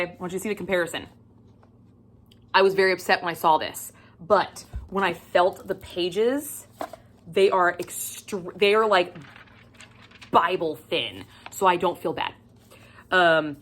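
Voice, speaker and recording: A woman chatting casually in a book haul vlog, gushing and excitable, swearing freely and swinging between loud squeals and whispers. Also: fairly low pitch. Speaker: book vlogger.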